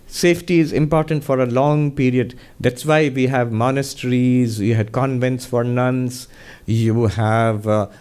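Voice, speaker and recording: A man's voice: medium pitch, a little mellow, clear, resonant tone. Man monk telling a spiritual story. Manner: measured, conversational storytelling. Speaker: monk and resident minister.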